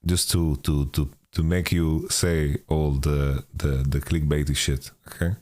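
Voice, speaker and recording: Low-voiced male host with a mixed international accent, stop-start casual talk into a home studio mic. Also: little pitch movement, darkish tone. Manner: laughs often, halting restarts. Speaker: podcast host. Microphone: home studio microphone.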